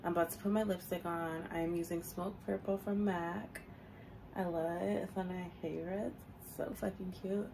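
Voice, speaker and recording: Gravelly young woman chatting while getting ready. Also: lowish voice, fairly even intonation, moderate pace, noisy background. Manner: chatty, swears casually, talks to viewers while doing her hair. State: has the hiccups. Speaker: beauty vlogger. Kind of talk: casual get-ready-with-me chat.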